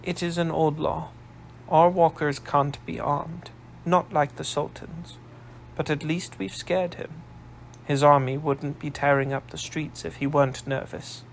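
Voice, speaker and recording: Man doing an earnest young woman revolutionary, calm, resolute, slightly raised pitch, unhurried. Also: vocal fry, a little hiss or hum.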